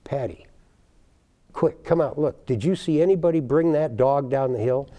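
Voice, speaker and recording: An older man, a baker, telling stories in a TV interview in a folksy, animated way, acting out the people in his tales. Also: medium pitch, normal speed. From United States. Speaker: guest, baker. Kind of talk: storytelling in a TV interview.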